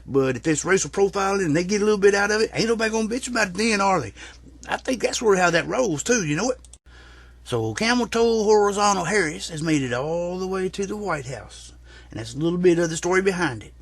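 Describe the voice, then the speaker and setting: A man's voice: high-pitched, expressive, fast talker, dry recording. A man delivers a rambling, profane, folksy rant as a comic vlogger. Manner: rambling, profane, drawling storyteller.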